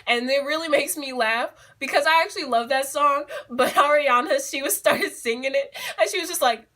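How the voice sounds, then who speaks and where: A young woman chats to her camera in a casual vlog, giggly and excitable, full of little fillers. Her voice sits a touch high and rings bright and forward. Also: moderate pace. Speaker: beauty vlogger.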